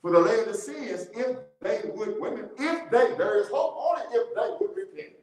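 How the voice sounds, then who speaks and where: A man leading a church Bible study, animated, repeating key words and laughing often as he teaches. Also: very high-pitched, fairly quick. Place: church room. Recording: very echoey church room.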